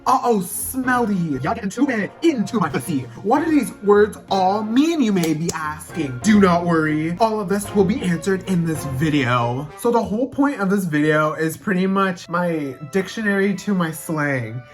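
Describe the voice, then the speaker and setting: A woman's voice: lowish voice, animated, normal speed, hardly any pauses, soft background music. A young adult woman vlogging in a brash, profane and theatrical way as she explains her slang in casual talk.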